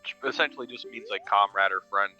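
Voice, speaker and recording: Bright-voiced man joking with a friend. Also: fairly low pitch, fast talker, muffled recording, faint music behind. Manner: joking, teasing. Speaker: friend of the streamer. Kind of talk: casual chat on a stream.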